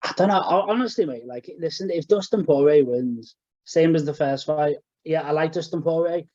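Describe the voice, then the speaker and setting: Young guy rambling on a podcast, mellow voice, dry dull audio. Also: on the high side, normal speed, no echo. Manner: rambling, full of fillers and restarts. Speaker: podcast co-host. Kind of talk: casual chat.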